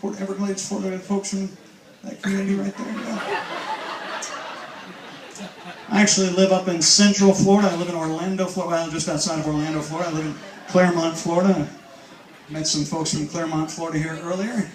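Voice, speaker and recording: A man performing as a stage hypnotist. He gives slow, soothing trance commands and mixes them with upbeat banter with the audience. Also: high-pitched, flat delivery. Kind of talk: live stage hypnosis show. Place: cruise ship show lounge with live audience. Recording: echoey room from far off, loud crowd and noise.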